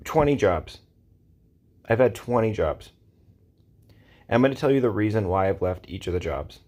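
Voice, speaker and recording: Exasperated man ranting, low voice. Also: expressive, moderate pace, darkish tone. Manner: exasperated, repetitive, rhetorical. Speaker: vlogger. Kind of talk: casual rant to camera. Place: Los Angeles area.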